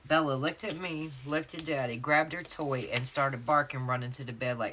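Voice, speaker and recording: Bright, chatty Southern woman vlogger. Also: extremely low pitch, steady tone, normal speed, a little hiss or hum. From North Carolina, US. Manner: chatty storyteller, addresses viewers as y'all. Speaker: planner vlogger. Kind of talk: casual chat while planning.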